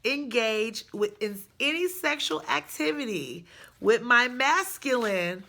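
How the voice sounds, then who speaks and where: A woman telling a personal story in a chatty, animated way, jumping high with excitement in places. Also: slow pace, gravelly.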